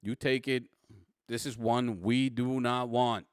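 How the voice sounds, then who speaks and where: A man voicing a gruff male police detective with a put-on New York Italian accent, blunt and streetwise. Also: mid-range voice, fairly even intonation, slow, dry recording, studio quality, lightly acted.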